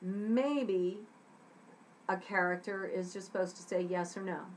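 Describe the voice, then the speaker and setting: A woman gives a scriptwriting lesson, taking her time and acting out little example lines in varied voices. She checks in often with a quick "okay?" A faint hiss sits under the recording. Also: mid-range voice, poor audio. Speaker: scriptwriting teacher.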